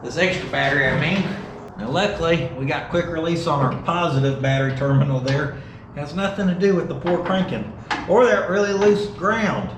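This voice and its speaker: Over a noisy background, a man with a slightly high voice jokes his way through a vlog about fixing up an old car at a shop. He keeps a moderate pace, speaks in a folksy manner, and addresses the car itself.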